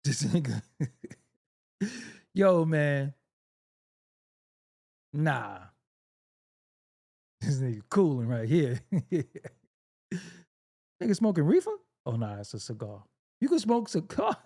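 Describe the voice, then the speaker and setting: A man's voice: on the high side, very animated, slow, vocal fry, pauses often, warm tone. A man hosting a casual reaction video, joking, laughing often and swearing freely as he comments on clips.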